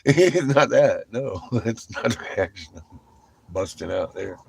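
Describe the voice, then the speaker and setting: A deep-voiced middle-aged man with a husky, slightly rough tone tells a loose, rambling story about his trip. He swears freely and keeps breaking into laughter as he talks. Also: expressive, measured pace, no echo. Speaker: vlogger. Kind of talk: casual storytelling.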